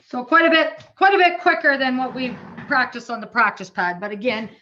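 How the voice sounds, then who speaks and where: A woman with a Canadian accent teaching a drumming workshop online, chatty and casual, counting beats out loud. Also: high voice, lively intonation, a little fast, muffled recording.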